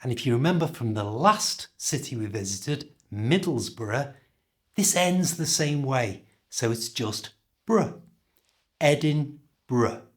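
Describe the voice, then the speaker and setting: A pronunciation teacher from Liverpool, England, leads a lesson, speaking slowly and deliberately with a lively pitch that rises and falls. He carefully demonstrates each sound in a careful, demonstrative manner.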